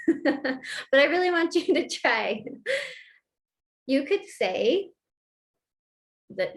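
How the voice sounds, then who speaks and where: A somewhat high-pitched woman teaches a webinar on couple communication in a chatty, upbeat way. She laughs often and acts out short example lines in other tones. Her delivery is informal. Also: very animated, normal speed, pauses often. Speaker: marriage and family therapist.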